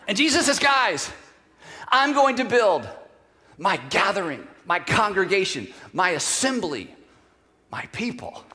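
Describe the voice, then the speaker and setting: A man's voice: high-pitched, big pitch swings, measured pace, sharp tone, in a large hall. A male pastor preaching a conversational sermon, telling stories and acting out quoted voices. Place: church sanctuary.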